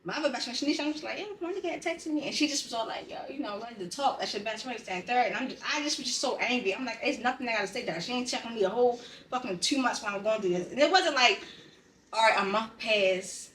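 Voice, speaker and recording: A woman's voice: on the high side, fast, fairly bright tone, a little hiss or hum. A woman on a podcast, telling a painful story in a blunt, profane, emotionally raw way. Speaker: podcast co-host. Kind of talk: candid personal conversation. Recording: roomy sound, distant from the mic.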